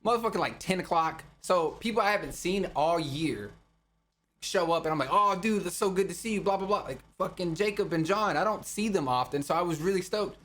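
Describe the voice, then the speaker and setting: A man's voice: high-pitched, brisk, a bit bright. A young man co-hosting a podcast, telling a party story in casual, profane chat, laughing often and acting out what people said. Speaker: podcast co-host.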